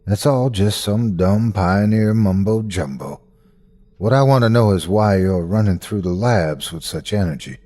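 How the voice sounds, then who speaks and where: A man's voice: lowish voice, lively intonation, a little slow, mellow. A man voicing a kind female scientist boss with a soothing Southern accent and a motherly manner.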